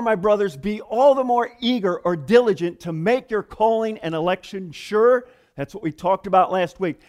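A man preaching a sermon to his congregation in an animated, conversational way, with emphatic asides. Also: sits high. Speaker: pastor.

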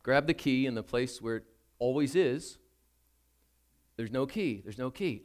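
A man's voice: mid-range voice, expressive, normal speed. An older man preaching a sermon as a pastor, telling a story about himself in a chatty, self-deprecating way.

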